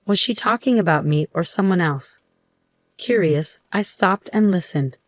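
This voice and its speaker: A middle-aged woman telling a first-person story in a steady, measured way. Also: lowish voice, no room sound. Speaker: narrator.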